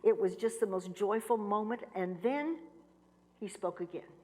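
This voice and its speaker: A woman's voice: medium pitch, moderate pace. Woman giving testimony in a reverberant hall. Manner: earnest, repeats phrases for emphasis, drops to hushed tones. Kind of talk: emotional personal testimony. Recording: long reverb of a large hall.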